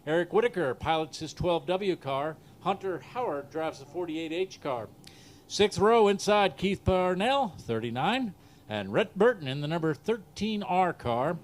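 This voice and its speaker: A man's voice: fairly high pitch, lively intonation, a little hiss or hum. A man with a Southern US accent announcing a dirt track race live over the PA, joking and rattling off the starting lineup. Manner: joking, laughs at himself, reads lineups briskly.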